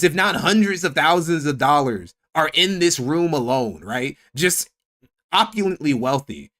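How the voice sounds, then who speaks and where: A man's voice: fairly high pitch, a bit bright. A young man streaming and reacting to a clip in casual chat. He talks in a sarcastic, profane, rambling way.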